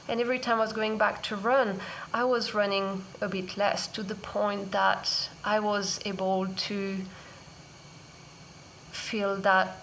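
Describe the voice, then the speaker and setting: A woman vlogger sharing a personal parenting story in an earnest, soft-spoken, reflective way. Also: mid-range voice, flat delivery, normal speed, vocal fry, a little hiss or hum. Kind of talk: heartfelt personal sharing to camera.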